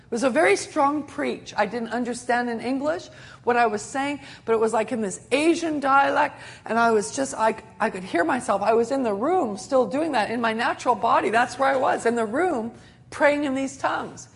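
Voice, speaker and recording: A woman's voice: fairly high pitch, normal speed, gravelly. A middle-aged woman preacher telling a sermon testimony in an earnest storytelling way, with many restarts.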